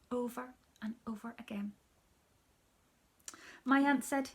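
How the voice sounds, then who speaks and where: A woman, a teacher, reading a children's story aloud in a soft, hushed storytelling manner that often drops near a whisper. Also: medium pitch, unhurried, creaky, husky.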